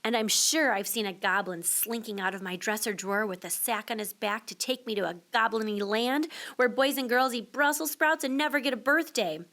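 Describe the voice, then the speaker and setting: A woman teacher reading a children's picture book aloud to young listeners, expressive and switching voices for the child and the mother. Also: fairly high pitch, fairly quick, few pauses. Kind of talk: children's storybook read-aloud.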